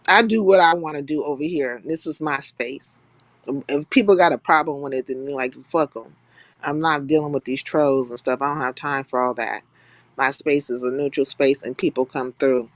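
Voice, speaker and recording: A woman's voice: extremely low pitch, fairly even intonation, a little slow, long pauses, no room sound. A young woman from California hosting a live stream in blunt, profane, casual chat, laughing often. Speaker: livestream host.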